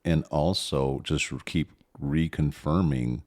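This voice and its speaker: A middle-aged man with a rumbling low, darkish voice co-hosts a parenting podcast at an unhurried pace. In this casual chat he thinks aloud, restarting his sentences often.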